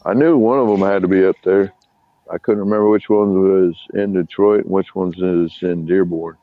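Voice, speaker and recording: Man, stuffy from allergies, very low voice, tinny phone-like line. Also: steady tone, moderate pace, no room sound. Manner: easygoing, short replies. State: congested from allergies. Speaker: chat participant. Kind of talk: casual voice chat.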